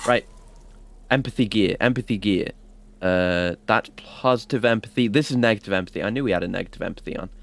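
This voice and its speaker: A man's voice: lowish voice, fairly quick, creaky. Man thinking aloud over a game. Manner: thinks aloud, hesitant, many fillers. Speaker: gaming streamer. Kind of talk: casual let's-play commentary.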